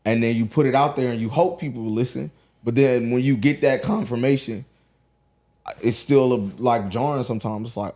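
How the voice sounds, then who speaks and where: A man in his thirties from Atlanta, a rapper guest telling stories in a relaxed podcast chat, full of "like" and "you know what I'm saying". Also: medium pitch, a little fast. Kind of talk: casual podcast conversation.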